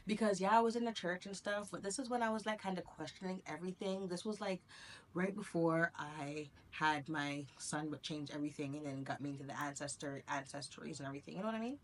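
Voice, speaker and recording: A woman's voice: low-pitched, a little fast, echoey room, a little hiss or hum. A young woman telling a rambling personal story to her viewers, with many fillers and bursts of laughter. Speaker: vlogger. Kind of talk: casual storytelling to camera.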